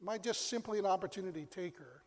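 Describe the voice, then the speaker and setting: A male pastor preaching a sermon, telling a story with dramatic pauses and dropping to a hush. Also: high-pitched. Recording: long reverb of a large hall.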